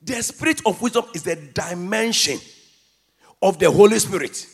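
High, lively, gravelly-voiced shouting preacher. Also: male voice, moderate pace. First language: not English. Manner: call-and-response, shouting emphatic lines. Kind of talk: sermon.

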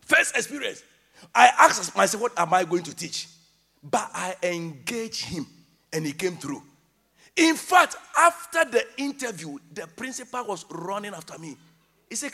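A high-pitched, bright male preacher with a gravelly edge to his voice. He swings his pitch widely and shouts key phrases. He also calls on his listeners to repeat lines back to him. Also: very animated, moderate pace. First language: not English. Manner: call-and-response, shouting emphatic lines. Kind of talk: sermon.

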